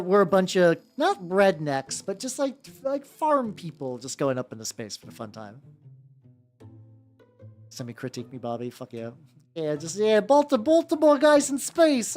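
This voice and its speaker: While painting on a stream, a young woman with a fairly low-pitched voice chats casually, rambling, interrupting herself, and saying "like" a lot.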